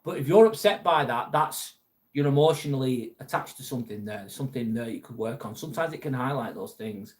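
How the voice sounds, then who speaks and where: A man's voice: medium pitch, lively intonation, brisk, a little mellow. A man hosting a casual livestream, chatting bluntly with viewers and swearing freely. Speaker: livestream host reading viewer chat. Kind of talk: casual live chat.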